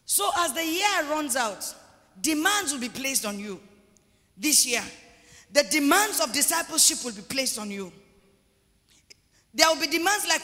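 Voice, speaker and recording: Sex: man. Role: pastor. Style: emphatic sermon with repeated lines and shouts. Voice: very high and bright. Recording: long reverb in a large church hall. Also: big pitch swings, brisk. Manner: emphatic preaching, repeats phrases, rises to shouts.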